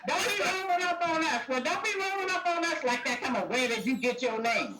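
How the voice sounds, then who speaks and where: A woman's voice: high-pitched, animated, a little fast, far from the mic, a loud crowd, rough recording. An older woman guest in casual chat, blunt and teasing with a folksy way of talking.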